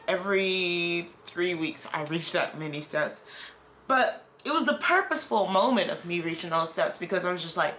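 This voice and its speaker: A woman's voice: fairly low pitch, sharp tone, slight background noise. A woman vlogger talking candidly in a casual, rambling video diary.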